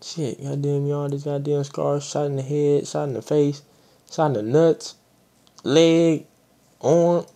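A man hosting a reaction video, reacting with excited, joking, profane comments. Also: on the high side, a little slow.

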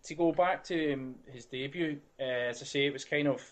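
A man's voice: fairly high pitch, normal speed. A man co-hosting a podcast, giving opinions freely and swearing casually. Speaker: podcast co-host. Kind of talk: casual chat.

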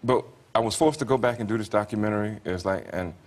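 Low-voiced Southern US man, wry storyteller. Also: fast talker. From Georgia, US. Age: 40s. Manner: laid-back, wry, often laughing, many fillers. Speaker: comedian guest. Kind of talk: anecdotal talk-show storytelling.

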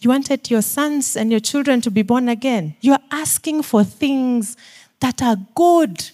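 A woman's voice: on the high side, dark tone. A woman preacher with a Kenyan accent delivers a sermon. She pleads earnestly with her listeners and fires off question after question. She drops almost to a whisper, then leans in with emphatic force.

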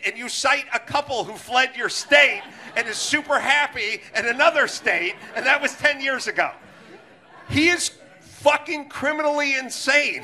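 A male podcast host on a sarcastic, profanity-laced rant, sounding fed up. His voice sits high for a man and has a sharp, bright ring to it. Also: animated, unhurried, some chatter behind. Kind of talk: ranting comedic podcast talk.

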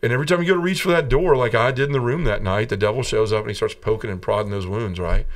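A man, a podcast guest, earnestly telling his personal testimony as a lively storyteller. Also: mid-range voice, fast, far from the mic.

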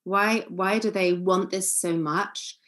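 A woman giving a calm, earnest seminar lecture as a family therapist, acting out short example lines. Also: lowish voice, slow.

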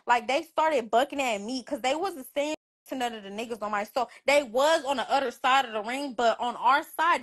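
High-voiced woman telling a wild story. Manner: animated, profane, acts out quoted dialogue. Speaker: livestream host. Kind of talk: casual storytelling on a livestream. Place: bedroom. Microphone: phone.

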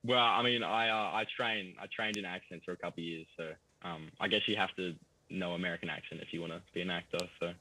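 A man's voice: sits low, fast, a little hiss or hum, rough recording. A young Australian man with an Australian accent, chatting easily as an actor guest in a TV interview, laughing often. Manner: easygoing, laughs often, relaxed fillers. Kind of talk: casual TV interview.

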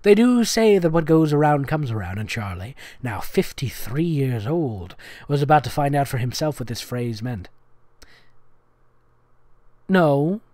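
Sarcastic comedic reader, lively pitch. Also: measured pace, no echo. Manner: sarcastic, mocking, self-correcting asides. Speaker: comedic reader of fan fiction. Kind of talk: comedic reading with sarcastic commentary.

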